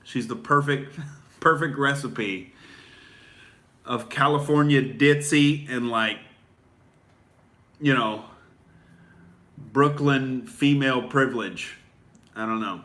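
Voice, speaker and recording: A man's voice: medium pitch, slow pace, long pauses, a bit bright. A male comedian hosting satirical commentary, talking in a sarcastic, mock-earnest parody voice and peppering lines with "all right?". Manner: chatty, fillers like "all right?". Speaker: comedian host.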